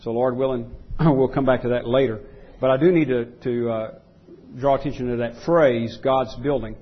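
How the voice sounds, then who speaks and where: A man's voice: mid-range voice, steady tone, normal speed, dull audio. A man preaching a sermon as pastor, emphatic and repeating key phrases for stress.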